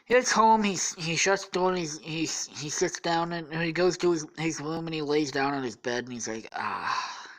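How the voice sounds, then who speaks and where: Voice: mid-range voice, fairly quick, hardly any pauses, low-quality recording. A worn-out podcast host tells a made-up story off the cuff. The delivery rambles, trips over itself and is full of "um"s, "like"s and casual profanity. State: tired.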